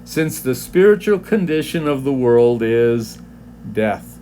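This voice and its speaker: A man's voice: mid-range voice, very animated, warm tone, a little hiss or hum. A man teaching a devotional Bible lesson, reading from commentaries and explaining them, often restarting his words and checking in with "right?". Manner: slow, deliberate, reads from commentaries with frequent restarts.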